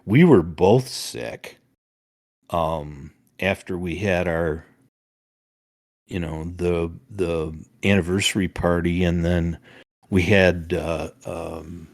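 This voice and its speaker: A man's voice: deep voice, fairly even intonation, slow pace. An older man, a father co-hosting a family podcast, chatting casually in a rambling way with many fillers and restarts. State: recovering from a summer cold.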